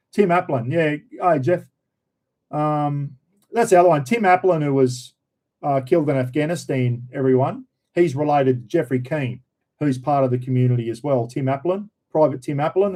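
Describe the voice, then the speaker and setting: Australian man, casual live-stream host, mellow warm voice, slightly high pitch, reads comments aloud. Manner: laid-back, chatty, reads viewer comments aloud.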